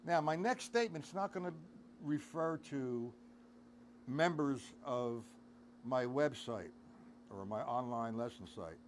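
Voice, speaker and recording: A man's voice: mid-range voice, animated, slow pace, a little hiss or hum. A middle-aged man giving a casual live-streamed drum lesson, counting beats aloud and talking to his chat. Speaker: drum teacher. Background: drum kit playing.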